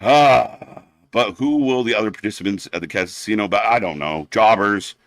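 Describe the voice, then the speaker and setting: A man's voice: lowish voice, moderate pace, no echo. A man hosting a live wrestling watch-along stream, ranting bluntly and sarcastically, swearing often and getting heated.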